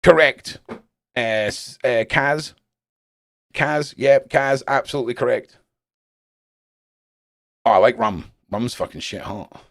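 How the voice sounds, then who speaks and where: A Scottish man hosting a live stream, chatting casually with his viewers in a blunt, animated way and swearing constantly. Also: medium pitch, takes it slowly, gravelly, long pauses, no room sound, studio quality. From Scotland. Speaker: live-stream host reading chat. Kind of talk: casual rambling chat.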